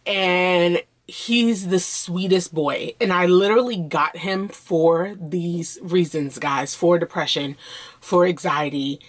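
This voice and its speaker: A woman's voice: lowish voice, slow pace. Earnest woman talking openly to viewers. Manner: earnest, open and heartfelt, speaking to viewers directly; loose and conversational, with fillers and restarts. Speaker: vlogger. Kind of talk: candid personal vlog talk.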